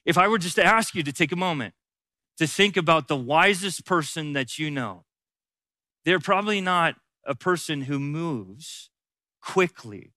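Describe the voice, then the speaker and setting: A man's voice: on the high side, animated, measured pace, bright, forceful tone, dry recording, clean studio sound. A man giving a conversational Bible teaching as a pastor, repeating key phrases for emphasis.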